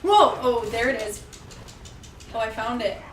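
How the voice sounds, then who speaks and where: A woman's voice: fairly high pitch, little pitch movement. A woman guesting on a game stream, joking around in playful, teasing casual chat. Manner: playful, teasing, quick asides. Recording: roomy, distant mic, background noise.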